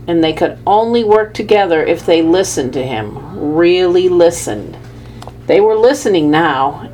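A woman narrating a children's storybook in the first person, with a measured, lively telling. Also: on the low side, a little hiss or hum, low-quality recording. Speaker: audiobook narrator.

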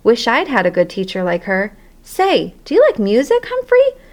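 A woman's voice: a little high, wildly swooping pitch, normal speed, darkish tone. A woman voicing a friendly, joking middle-aged male janitor in a storybook reading.

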